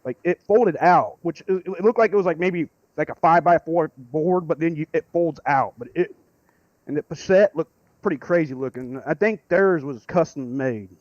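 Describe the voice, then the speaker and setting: A man calling in to tell a rambling story, excitable and swearing freely. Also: fairly high pitch, normal speed, no room sound, highs cut off. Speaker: caller. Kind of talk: casual storytelling.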